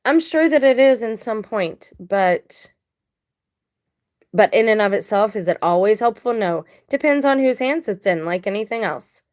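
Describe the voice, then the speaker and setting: A woman's voice: mid-range voice, expressive, moderate pace, a little mellow. Blunt, emphatic woman vlogger. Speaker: video blogger. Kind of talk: casual commentary to camera.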